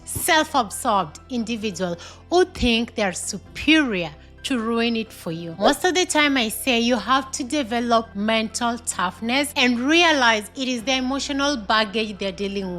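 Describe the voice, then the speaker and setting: A woman's voice: fairly high pitch, sharp tone. A woman with a non-American English accent giving earnest advice in a vlog, stressing her points by repeating them. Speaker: vlogger advising immigrants. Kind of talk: direct-to-camera advice vlog.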